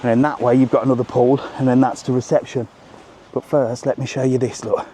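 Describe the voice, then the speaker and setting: A brisk, medium-pitched man's voice carries a little hiss or hum. He's a middle-aged travel vlogger doing a chatty, animated live walking tour outdoors around a hotel resort, speaking to his phone camera and saying "look" over and over.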